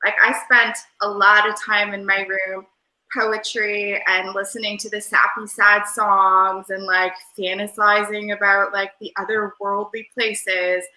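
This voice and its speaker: A woman's voice: medium pitch, little pitch movement, measured pace, bright, forceful tone. A woman guest in a casual interview, talking in an airy, Valley-girl-like way that rambles with lots of fillers, over a video call. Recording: roomy echo.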